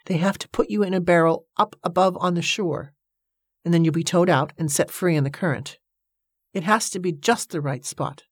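A woman narrating an audiobook in a measured storytelling manner. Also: fairly low pitch, husky, no room sound, studio quality.

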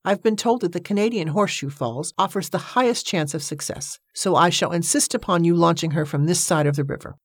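A bossy, imperious lady who hands out firm orders and brooks no argument, as a woman reads her aloud. The voice is low and clipped, recorded close and dry. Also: brisk, hardly any pauses, slightly rough, no echo. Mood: commanding. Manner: firm, commanding, impatient. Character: bossy, imperious middle-aged woman organizer.

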